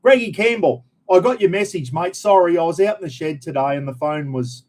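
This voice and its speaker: A middle-aged Australian livestream host talks briskly in a fairly high, darkish voice. Rambling and friendly in a casual live chat, he greets viewers, calls everyone "mate," and says "bloody" a lot.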